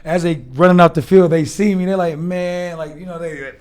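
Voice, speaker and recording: A man's voice: a little high, moderate pace. A man in his thirties, a former football player, telling a rowdy story as a guest, acting out the people he quotes in a raised voice and swearing freely. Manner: animated, profane, acts out quotes with raised voice. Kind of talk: casual storytelling chat.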